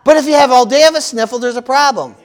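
Male pastor, very high-pitched voice, animated sermon delivery with comic panicked voices. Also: fast talker. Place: church.

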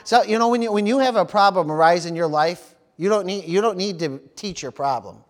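A man's voice: high voice, fairly quick. A man preaching a sermon as pastor, often stopping for amen, praise the Lord and hallelujah, repeating words as he goes. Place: church service.

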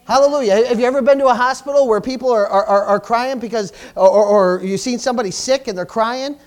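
A man's voice: very high-pitched, fast talker. A pastor preaching a sermon to his congregation, emphatic and repetitive, stumbling over restarts and calling out for amens. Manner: emphatic, repetitive, stammering restarts, call-and-response. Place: church service.

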